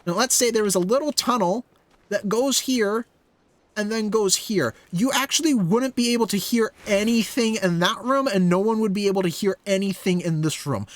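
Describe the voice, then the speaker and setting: A man's voice: sits high, normal speed, no room sound. A young man streaming a game, chatting casually in rambling, filler-heavy asides. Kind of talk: casual let's-play commentary.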